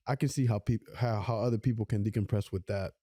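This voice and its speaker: A man's voice: lowish voice, steady tone, mellow, no echo, clean studio sound. Laid-back young man from Puerto Rico. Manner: laid-back, halting, repeats words. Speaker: podcast co-host. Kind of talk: casual chat.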